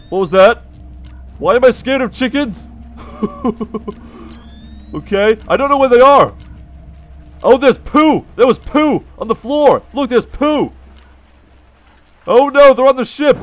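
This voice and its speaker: A man with a notably high voice commentates as he plays a video game. He is jumpy and easily startled, and he giggles at his own nerves between the frightened yelps. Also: expressive, slow pace, long pauses. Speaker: let's play host. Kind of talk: gameplay commentary.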